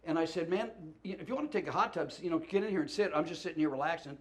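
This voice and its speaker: A man telling comic stories as a talk show guest, animated, stumbling over restarts and laughing through punchlines. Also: on the high side, rapid-fire. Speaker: comedian and guest. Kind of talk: storytelling chat.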